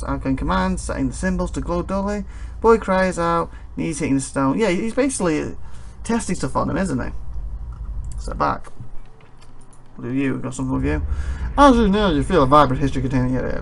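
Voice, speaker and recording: Casting a tired game streamer with a slightly high, gravelly voice who rambles through game text with chuckles. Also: male voice, slight background noise. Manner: rambling, chuckling asides between read-out passages. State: tired and yawning. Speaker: let's play host. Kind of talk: casual gameplay commentary reading game text aloud.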